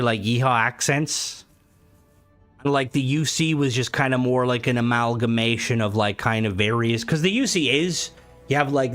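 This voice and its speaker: A man's voice: mid-range voice, fairly bright tone. A man streaming a game, chatting casually in a rambling, sweary way that keeps breaking off and restarting. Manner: rambling, sweary, self-interrupting. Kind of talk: casual gaming stream chat.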